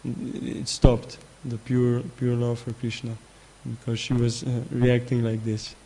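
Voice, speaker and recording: A man delivers a spiritual sermon, telling a story with frequent restarts and repeated words. His voice sits at an average pitch for a man and barely moves, staying flat and even throughout. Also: vocal fry, slight background noise. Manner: halting, repeats words, many fillers. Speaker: spiritual teacher.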